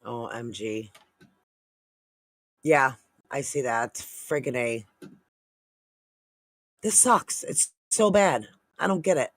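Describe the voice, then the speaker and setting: A woman's voice: extremely low pitch, lively intonation, slow pace, long pauses, no room sound, studio quality. A woman hosting a casual livestream chat with viewers, frustrated and swearing, trailing off mid-thought as she talks to the chat. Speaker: livestream host.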